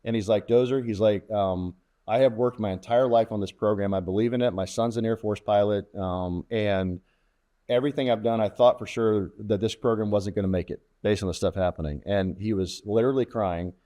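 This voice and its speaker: A middle-aged former fighter test pilot tells war stories in a casual interview, speaking a little fast in a lowish voice. He's a lively storyteller, acting out the quoted radio talk.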